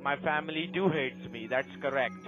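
A man's voice: medium pitch, moderate pace, a bit bright. A man answering as a call center agent, then trading heated insults in broken phrasing. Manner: scripted greeting turning to angry insults. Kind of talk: heated phone argument. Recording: tinny phone line, faint music.

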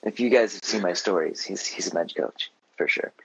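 Male host, deep and husky, easygoing storyteller, close dry mic with a muffled, lo-fi tone. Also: fairly quick, no echo. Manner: relaxed storytelling with many fillers. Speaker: podcast host. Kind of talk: casual interview chat.

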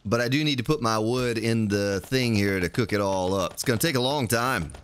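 A man's voice: on the low side, brisk, slight background noise. A male game streamer giving live gameplay commentary, talking playfully to himself and to his viewers in the chat.

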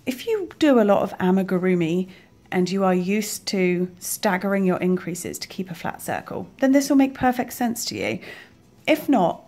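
A woman's voice: medium pitch, darkish tone. A woman hosting a crochet tutorial, talking casually as she counts stitches aloud and keeps asking if it makes sense. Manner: chatty, counts stitches aloud, checks understanding. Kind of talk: casual instructional talk.

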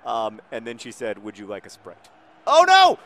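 A man giving casual, rambling gameplay commentary with jokey deadpan asides. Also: on the low side, normal speed, slight background noise. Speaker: video game commentator.

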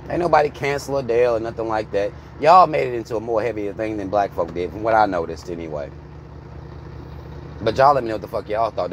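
A man's voice: mid-range voice, a little hiss or hum. An American man in his thirties, bluntly ranting on a vlog with heavy swearing from inside a car. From United States. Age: 30s. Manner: heated, blunt, swearing freely. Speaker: vlogger. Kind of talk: profane ranting commentary.

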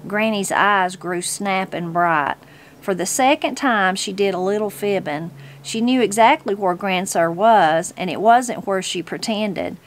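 A woman reading a storybook aloud as a channel host, in a steady, unhurried way. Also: medium pitch.

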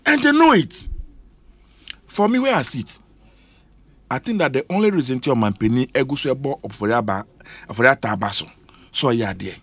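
A man's voice: high voice, bright, forceful tone, no room sound. A man with a Ghanaian accent speaking emphatically on a radio panel, switching between English and Twi. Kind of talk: heated radio panel discussion. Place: radio studio.

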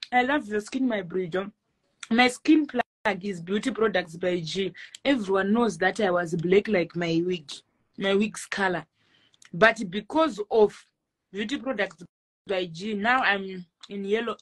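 A young woman with a Zimbabwean accent chatting casually on a live stream, reading viewer comments and giving a loud, self-assured pep talk that mixes English and Shona. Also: medium pitch, normal speed, rough recording. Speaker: social media personality doing a live stream.

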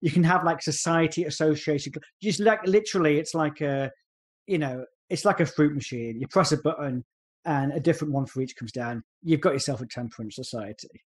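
A man co-hosting a comedy podcast, joking and sarcastic as he reads from his notes. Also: fairly high pitch. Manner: jokey, sarcastic, breaks into quick silly voices. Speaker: podcast co-host. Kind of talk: casual comedic podcast chat.

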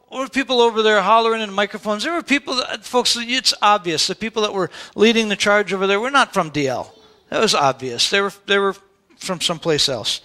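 Male pastor with a high voice, storytelling sermon with a chatty delivery, church setting. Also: sharp tone. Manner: conversational storytelling, with asides to the congregation.

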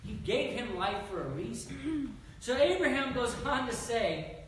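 A male pastor preaching a sermon in a conversational, animated way, acting out scripture as he goes. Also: very high-pitched, measured pace. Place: church. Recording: echoey church hall, distant mic, background noise.

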